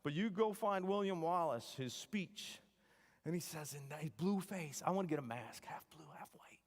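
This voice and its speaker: Joking animated man in a reverberant chapel. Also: a little high, moderate pace. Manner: joking, animated, wry asides. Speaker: engineering professor. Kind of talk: devotional talk to students. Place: chapel hall. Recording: long hall reverb.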